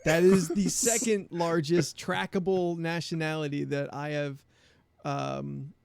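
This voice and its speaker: Male podcast co-host, gravelly, higher voice, dry close mic, rambling casual chatter. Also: steady tone, measured pace, darkish tone, no room sound. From New Jersey. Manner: rambling, filler-heavy, laughs at own jokes. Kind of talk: casual chat.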